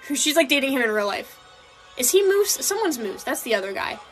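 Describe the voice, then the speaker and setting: A young woman co-hosting a casual chat, animated and laughing often, now and then slipping into mock voices. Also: high voice, fairly quick, faint music behind.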